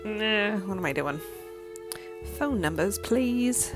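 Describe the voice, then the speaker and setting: A woman's voice: medium pitch, animated, takes it slowly, over music. A woman giving casual, chatty commentary over a game playthrough, pointing out details and laughing often. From Canada.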